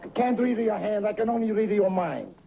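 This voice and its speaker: A man in an old film scene guessing words excitedly, repeating them over and over. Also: high voice, brisk, creaky. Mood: eager guessing. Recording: tinny, hissy old film soundtrack.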